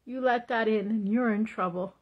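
A woman's voice: on the high side, normal speed, highs cut off. A woman giving a devotional confession vlog, teary and fervent, repeating praise and urging viewers. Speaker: Christian vlogger.

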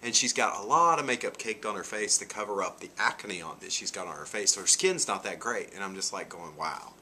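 This man in his forties talks casually to his vlog viewers, spinning a meandering story padded with "you know" and "like." His very low voice carries a bright, forceful edge, and he sounds animated and a little fast against slight background noise.

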